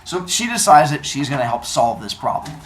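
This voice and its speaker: A woman's voice: rumbling low, very animated, brisk. A woman teacher playfully telling a myth to children and quizzing the class, in an echoey classroom from a distant mic. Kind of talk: storytelling to children.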